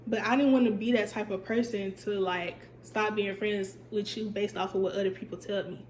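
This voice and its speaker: In a mid-range voice that's a little fast, a young woman recounts a storytime for her vlog, lively and chatty, repeating things for emphasis. She sounds stuffy, and her voice cuts in and out. The room echoes, and there's slight background noise.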